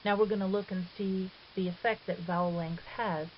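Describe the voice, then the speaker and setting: A woman calmly explaining a grammar lesson as a recorded teacher, patient and step by step, now and then correcting herself. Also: mid-range voice, normal speed. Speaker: Greek teacher. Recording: dull hissy lo-fi 2009 recording.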